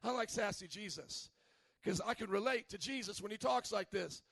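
High, gravelly-voiced animated preacher. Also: male voice, normal speed, dry recording. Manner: animated and humorous, at times shouting. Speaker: pastor. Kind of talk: sermon.

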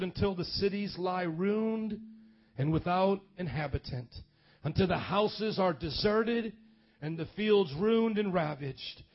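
A man preaching a sermon and reading scripture aloud, dramatic, swinging from loud calls to quiet low reading. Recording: dull lo-fi sound with faint music.

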